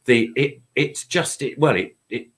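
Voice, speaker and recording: A man's voice: medium pitch, a little slow, husky. An older man, a guest chatting and reminiscing in a rambling, chatty way. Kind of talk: casual reminiscing chat.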